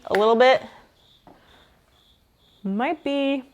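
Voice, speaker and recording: A woman's voice: on the high side, animated, a little slow, a little hiss or hum. A woman chatting casually with her live-stream viewers while she restores a table, joking and guessing names. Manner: chatty, joking, talks to chat while working.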